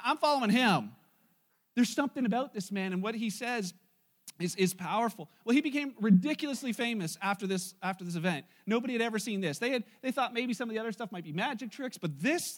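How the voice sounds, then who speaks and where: A man preaching a sermon in church, retelling a Bible story in a casual, joking way to his congregation. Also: very high voice. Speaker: pastor.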